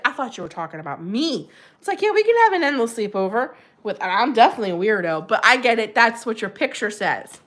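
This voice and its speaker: A woman's voice: mid-range voice, animated, fairly quick, fairly bright tone. A middle-aged woman hosting a casual livestream, chatting and giggling as she answers viewers' comments. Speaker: livestream host.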